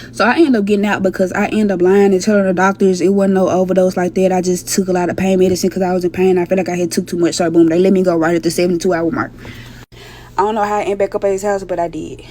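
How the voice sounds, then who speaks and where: A woman's voice: fairly low pitch, mellow, a little hiss or hum. A young adult woman telling a personal story in a blunt, profane, candid way. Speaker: storytime vlogger. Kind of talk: casual storytelling.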